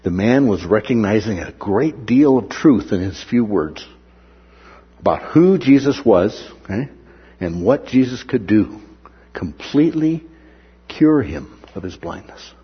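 A man's voice: lowish voice, measured pace, breathy edge, dull audio. A man preaching a sermon who acts out the words of the people in the story. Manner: animated, acts out the characters' words.

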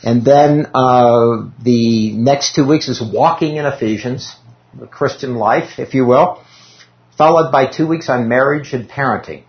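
A man leads a relaxed Bible class, chatting loosely and then reading scripture aloud, now and then poking fun at himself. His voice sits at an ordinary middle pitch. The recording sounds dull and lo-fi. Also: a little slow. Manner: conversational, self-deprecating, reads scripture aloud. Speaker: Bible study teacher. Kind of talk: informal Bible class teaching.

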